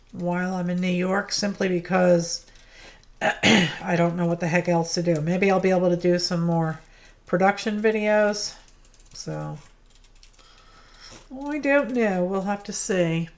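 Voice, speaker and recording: Slow, chatty woman hosting a craft livestream. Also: fairly low pitch. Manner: chatty, greets viewers by name, apologetic about mispronouncing names. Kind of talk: chatty live craft demonstration. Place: home craft studio.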